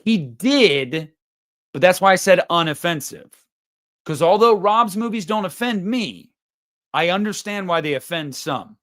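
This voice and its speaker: A man's voice: high-pitched, lively intonation, measured pace, fairly bright tone. A man in his thirties hosting a livestream, chatting casually in a rambling, profane and joking way. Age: 30s. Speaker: livestream host.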